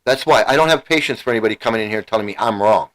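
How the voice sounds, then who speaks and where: A middle-aged channel host rants angrily on a livestream, heated and emotional, repeating himself and swearing. His voice sits on the low side, a bit bright, and he talks very fast. The recording quality is low.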